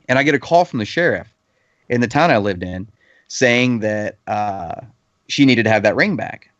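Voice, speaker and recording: A man's voice: lowish voice, expressive, moderate pace, dry recording. A man in his thirties, a podcast panelist telling a heated anecdote in casual chat, swearing freely. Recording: slightly dull lo-fi podcast audio.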